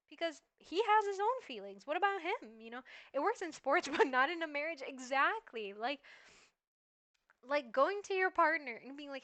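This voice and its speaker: A woman streamer chatting casually in reaction to a video, rambling and animated with lots of "like". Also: high voice, normal speed. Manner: rambling and animated, heavy use of "like".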